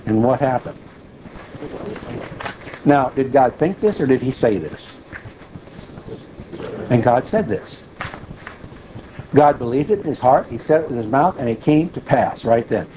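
Mellow-voiced man preaching a sermon. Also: mid-range voice, animated, a little slow, pauses often, a little hiss or hum, poor audio. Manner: conversational teaching, frequent check-ins with listeners. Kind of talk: sermon teaching.

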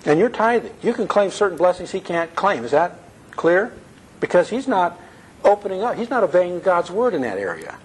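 A man's voice: high voice, very animated, normal speed, slightly rough, poor audio. A man giving a conversational sermon, earnest, often asking his listeners questions. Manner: earnest, asks the audience questions. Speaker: preacher.

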